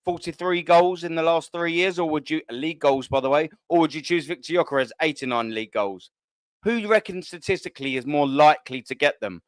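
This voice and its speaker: A man's voice: a little high, fairly quick, no echo. Blunt, sweary man on a live stream. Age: 30s. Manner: blunt, sweary, animated banter. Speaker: host. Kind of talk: casual live-stream chat reading viewer comments.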